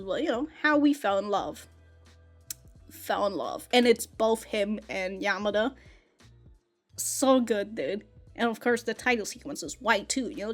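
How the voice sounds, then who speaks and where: In a slightly high voice, a woman riffs casually and excitedly on an anime, laughing frequently, swearing freely and calling everybody "dude."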